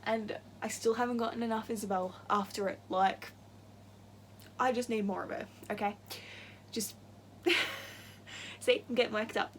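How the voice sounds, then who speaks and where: A young woman chatting casually in a book-tag vlog, gushing and quick to get worked up, laughing often. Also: fairly high pitch, steady tone, slight background noise. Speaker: book vlogger.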